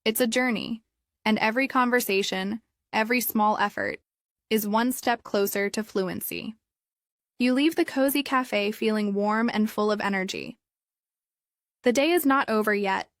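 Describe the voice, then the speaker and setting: A woman calmly narrating a story for English learners in clear, evenly paced scripted narration. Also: on the high side, moderate pace, dry recording, studio quality.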